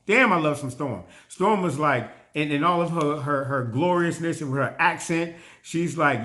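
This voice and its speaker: A man's voice: fairly high pitch, unhurried, hardly any pauses, sharp tone. A man giving a casual spoken review, animatedly retelling scenes with slang and frequent restarts. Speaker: TV show reviewer.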